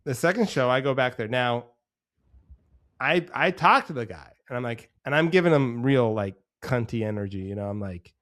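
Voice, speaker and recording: A man in his thirties, a podcast co-host, telling a long casual story and mimicking people in quick playful voices. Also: medium pitch, lively intonation, a bit bright.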